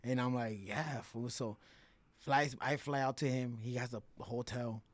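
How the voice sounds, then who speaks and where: A man telling fight stories in a podcast interview, profane and animated, acting out the quotes in a slangy, casual way. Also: mid-range voice, a little slow, dry recording. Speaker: guest fighter.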